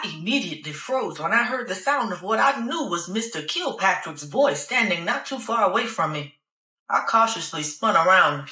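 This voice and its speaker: Sassy, profane woman narrator, bright and forceful, with a roomy recording. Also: mid-range voice, animated, normal speed, distant mic. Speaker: audiobook narrator. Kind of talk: first-person audiobook narration.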